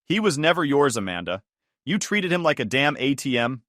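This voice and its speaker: A man's voice: mid-range voice, sing-song, moderate pace, no room sound, studio quality. A man voicing a defensive young woman who snaps back sharply in a storybook narration. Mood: snapping. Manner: pleading, then sharp.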